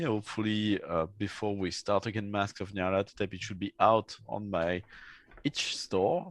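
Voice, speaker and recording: A man who designs games talking casually, hesitant and full of fillers. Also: fairly low pitch. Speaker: game designer and podcaster. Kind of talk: casual chat.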